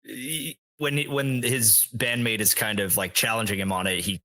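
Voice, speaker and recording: Bright-voiced man in casual podcast chat. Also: lowish voice, moderate pace. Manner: excited, profane, acts out quotes. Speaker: podcast co-host.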